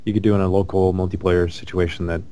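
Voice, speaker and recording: A man's voice: deep voice, level tone, fast, warm tone. A man in casual conversation about video games, rambling with many ums and restarts.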